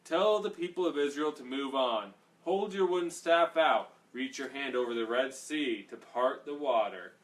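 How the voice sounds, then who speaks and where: A man reading the Lord, loud and commanding. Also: medium pitch, moderate pace, hardly any pauses, pitched above the performer's own voice, natural voice. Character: the Lord speaking to Moses, commanding. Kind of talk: scripture read aloud. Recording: distant mic, faint background noise.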